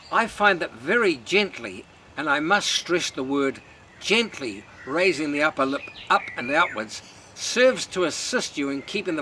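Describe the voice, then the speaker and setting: A man giving a calm, measured lesson on singing technique. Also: on the high side, slight background noise, rough recording. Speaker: singing teacher. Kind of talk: instructional talk.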